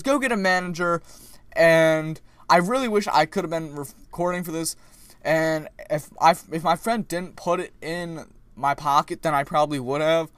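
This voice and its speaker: A young man vlogging casually, retelling a story in a rambling, animated way with many restarts. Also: on the high side, no echo.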